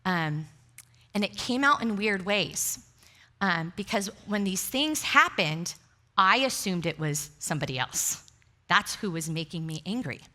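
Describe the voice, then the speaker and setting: Bright-voiced woman pastor preaching. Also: fairly low pitch, animated, unhurried. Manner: candid, self-deprecating storytelling with frequent laughter. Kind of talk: sermon. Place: church sanctuary before a congregation.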